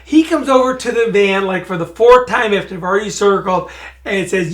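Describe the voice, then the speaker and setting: Animated middle-aged male storyteller. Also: high-pitched, fairly quick. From Michigan, USA. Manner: animated storyteller who speeds up and gets loud when retelling scenes. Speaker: podcast co-host. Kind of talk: casual storytelling chat.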